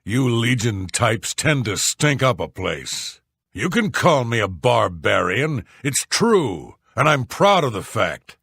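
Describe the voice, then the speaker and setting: An actor voicing a series of rough male warriors, guards and sailors in video game dialogue, blunt and scornful. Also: medium pitch, very animated, slow pace, fairly bright tone, no room sound, studio quality, full character voice. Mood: contemptuous.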